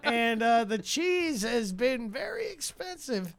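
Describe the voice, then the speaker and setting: A very high-pitched man guests on a casual podcast. He drops wisecracks and deadpan one-liners. His voice jumps lively up and down as he talks. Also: slow. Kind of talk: casual joking chat.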